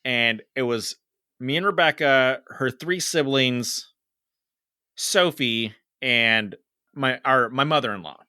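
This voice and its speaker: Animated swearing man telling a story. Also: mid-range voice, slow pace, clear, resonant tone, no room sound, clean studio sound. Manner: animated, swearing, gets loud in quoted lines. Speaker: podcast co-host. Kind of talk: casual storytelling chat.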